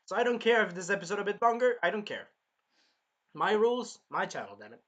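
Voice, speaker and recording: Young man, anime recap, bright forceful voice, slightly high, animated and swearing. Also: quick pace, muffled recording. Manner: animated, swears, bursts into loud acted-out quotes. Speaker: anime reviewer and channel host. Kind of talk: casual excited episode recap.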